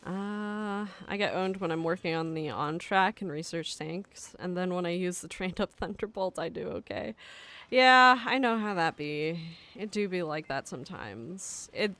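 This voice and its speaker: A woman's voice: fairly low pitch, fairly bright tone. A woman hosting a gaming livestream, reading chat aloud in a rambling, casual way and laughing often. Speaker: livestream host.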